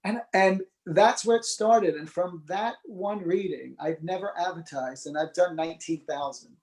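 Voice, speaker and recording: Male interview guest, slightly high voice, lively storyteller who acts out the people he quotes. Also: normal speed, low-quality recording. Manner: animated, acts out quoted dialogue. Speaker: psychic medium guest.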